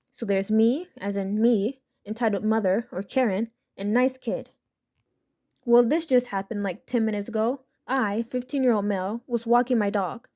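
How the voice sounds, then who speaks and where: A woman reading online stories as a scripted narration, in a steady, matter-of-fact way. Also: medium pitch.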